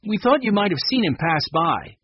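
A man voicing a steady, polite teenage boy who leads his siblings in a storybook reading. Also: high voice, normal speed, breathy edge, no room sound, muffled recording, pitched above the performer's own voice, full character voice. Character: steady teenage boy, eldest brother and leader.

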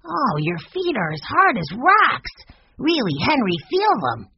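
A storybook reader voicing an eager, excited little boy with a high child voice. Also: moderate pace, gravelly, slight background noise. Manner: eager, exclaiming. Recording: dull dry lo-fi recording.

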